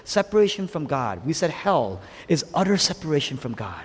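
A man preaching a sermon, swinging between loud exclamations and hushed whispers, asking his listeners rhetorical questions. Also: on the high side, big pitch swings, normal speed, husky. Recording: long hall reverb.

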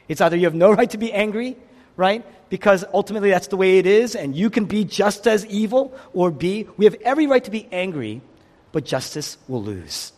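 A man delivers a sermon with fervor, his fairly high voice rising to outcries and dropping to near-whispers. The pitch swings widely from phrase to phrase. His words echo with the long reverb of a large church hall. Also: a little mellow. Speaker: pastor.

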